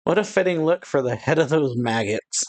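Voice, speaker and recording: A man reading out the lines of a loud, blunt old navy officer. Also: fairly high pitch, animated, normal speed, pitched above the performer's own voice, close to an everyday voice. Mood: gruff.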